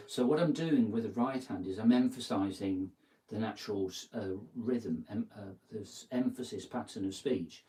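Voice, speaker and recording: A man giving a relaxed guitar lesson, thinking aloud and counting out beats as he plays. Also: on the low side, normal speed. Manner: thinking aloud, counts beats and sings lyric snippets while playing. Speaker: guitar teacher. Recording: distant mic with guitar playing.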